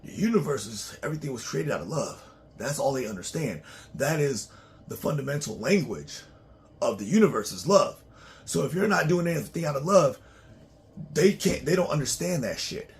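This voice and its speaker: A man's voice: a little high, very animated, normal speed. A man talking casually in a loose, profane, rambling monologue to his own channel, often breaking into laughs. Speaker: vlogger.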